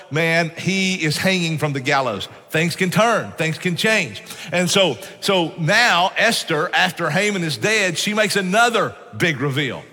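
Folksy pastor, bright voice. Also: male voice, on the high side, big-room sound. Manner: folksy storytelling, often says "man". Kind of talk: sermon. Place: church sanctuary.

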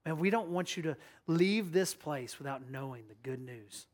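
A young man preaching a sermon as pastor, passionate and urging, dropping to a hushed voice when he tells a story or prays. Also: a little high, animated, moderate pace, hardly any pauses.

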